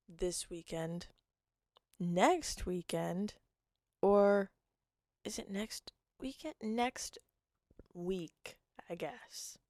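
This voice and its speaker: A young woman hosting her own podcast, hoarse and rambling, jumping between thoughts and cutting herself off. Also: medium pitch, a little mellow, no echo, studio quality. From Canada. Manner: rambling, jumpy, self-interrupting. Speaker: podcast host. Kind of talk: casual solo chat.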